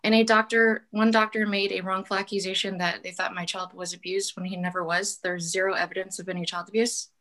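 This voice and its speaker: A woman's voice: medium pitch, little pitch movement, brisk, hardly any pauses, a bit bright, poor audio. A woman giving earnest, pleading public testimony over a call, with frequent ums. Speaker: public commenter. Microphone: call-in audio.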